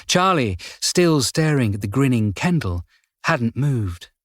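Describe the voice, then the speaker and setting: Male audiobook narrator, steady and measured, dry studio sound. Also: mid-range voice, no room sound. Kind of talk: scripted narration.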